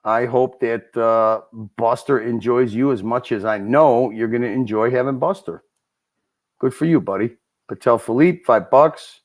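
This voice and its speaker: A man's voice: medium pitch, measured pace. A man hosting a casual livestream, reading out viewer donations one by one and thanking each. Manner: relaxed, chatty, thanks donors one by one. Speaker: livestream host. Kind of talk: casual livestream chat, reading super chats.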